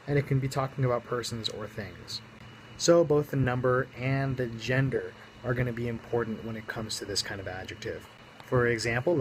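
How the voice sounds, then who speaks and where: A man's voice: mid-range voice, slight background noise, poor audio. Man teaching a grammar lesson. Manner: explanatory, with small self-corrections and asides. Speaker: Greek language teacher. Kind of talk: explaining slides in a recorded lesson.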